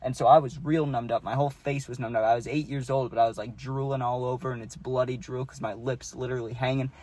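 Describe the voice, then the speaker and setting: A man's voice: medium pitch, steady tone, quick pace, darkish tone. A young man telling a childhood story casually, rambling and tagging lines with "right?" and "dude".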